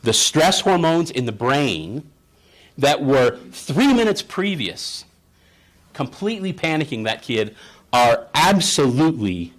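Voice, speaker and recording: Guy therapist presenting at a conference, chatty storyteller, keeps asking the room right?. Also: mid-range voice. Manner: storytelling, acts out parent and child voices; conversational, asks the audience "right?".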